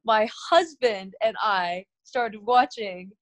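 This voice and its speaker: Middle-aged woman guest, bubbly chatty talk, laughs a lot, keeps restarting, mid-pitched voice. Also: takes it slowly. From Korean heritage. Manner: animated, laughs often, trails off into restarts. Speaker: TV host and interview guest. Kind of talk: casual interview chat.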